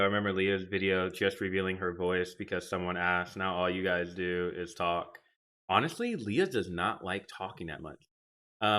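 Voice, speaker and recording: A young man with a deep, bright, forceful voice chats casually with viewers on a live stream from his home gaming setup. Speaking into a desk microphone, he rambles and reads their comments aloud.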